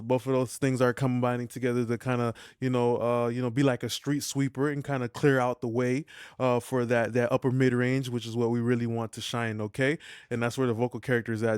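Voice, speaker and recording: A man's voice: mid-range voice, a little mellow, clear, resonant tone, no echo, studio quality. A young man hosting a vocal mixing tutorial in slangy, loose casual talk. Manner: slangy, loose, peppered with "you feel me". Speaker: music mixing tutorial host.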